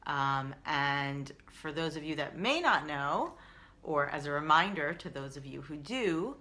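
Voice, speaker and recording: An American woman hosting a weekly live stream, talking to camera. Her voice sits low yet sounds bright and forceful. She rambles earnestly, pausing on fillers and circling back to restart her thoughts. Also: lively intonation. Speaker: live stream host, founder. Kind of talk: casual live stream talk.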